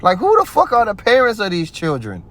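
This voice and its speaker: A man's voice: high-pitched, wildly swooping pitch, brisk, fairly bright tone. A man giving heated religious commentary, ranting in a profane, preachy way.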